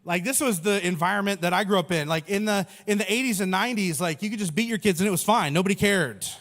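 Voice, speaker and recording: A thirties-aged pastor with a high, fairly bright voice and a quick pace delivers a funny sermon, acting out the voices of people and Jesus along with jokes. He's in a large church hall, and the recording carries a long hall reverb.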